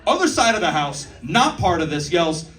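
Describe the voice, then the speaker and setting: A man's voice: fairly high pitch, very animated, moderate pace, a bit bright, soft background music. A young man in his twenties doing a stand-up comedy set in a comedy club, telling stories loosely and profanely with asides to the crowd. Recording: roomy club sound from a distance. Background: audience laughter.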